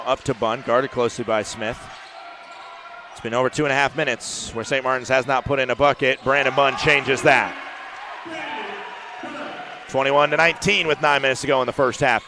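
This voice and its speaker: A man doing play-by-play commentary for a basketball game, rising to shouts on big plays, with faint court noise behind him. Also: mid-range voice. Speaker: play-by-play announcer. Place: arena broadcast booth.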